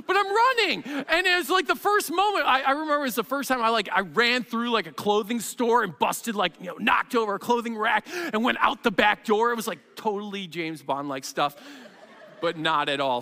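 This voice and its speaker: Brief: bright, forceful pastor telling an animated sermon story in a reverberant church hall. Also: male voice, extremely high pitch. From Wheaton, Illinois. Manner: animated, acts out voices in his story.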